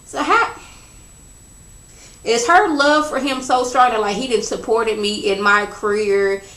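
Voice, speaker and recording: A woman casually recapping a TV episode in a chatty, animated, gossipy way. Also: fairly high pitch, measured pace. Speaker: TV episode reviewer. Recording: roomy echo.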